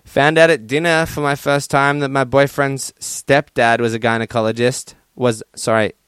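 A man's voice: mid-range voice, steady tone, normal speed, fairly bright tone, smooth, no echo. A young man hosting a casual solo podcast, swearing often and mocking himself as he jokes. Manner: profane, self-deprecating, joking. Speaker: podcast host.

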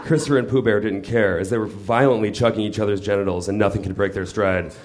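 A man reading a comic story aloud in a deadpan, mock-literary manner on a small comedy theater stage. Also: fairly low pitch, quick pace. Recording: live stage mic with audience laughter noise.

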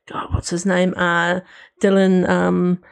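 A man's voice: sits high, monotone, slow pace, creaky, clean tone. A man co-hosting a casual podcast, rambling about TV shows he watched with lots of restarts and fillers. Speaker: podcast co-host. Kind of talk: casual chat reviewing TV shows.

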